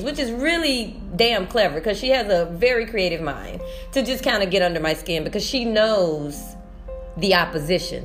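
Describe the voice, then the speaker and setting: Rambling, emotional woman teacher. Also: medium pitch. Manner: rambling, emotional, restarts often. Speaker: sixth-grade teacher. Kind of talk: personal vlog monologue.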